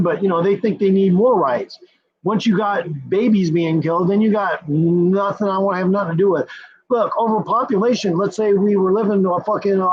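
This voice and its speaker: Male streamer, raised pitch, husky tone, profane repetitive rant, lo-fi dull audio. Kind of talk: ranting commentary.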